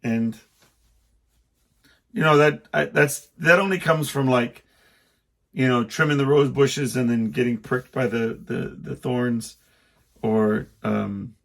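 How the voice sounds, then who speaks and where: A man's voice: mid-range voice, takes it slowly, vocal fry, pauses often, a bit bright. A middle-aged man hosting a podcast, telling a rambling personal story in a casual monologue and acting out the quotes. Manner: rambling, self-interrupting, acts out quotes. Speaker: podcast host.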